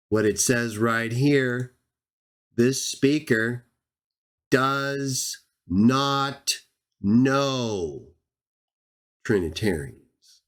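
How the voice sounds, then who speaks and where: A man delivering argumentative scripture commentary at a slow, deliberate pace. He speaks straight at his opponents with a sarcastic, combative edge. He draws out the verses he reads aloud for emphasis. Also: medium pitch. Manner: drawn-out emphatic reading of verses. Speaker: Bible teacher and channel host.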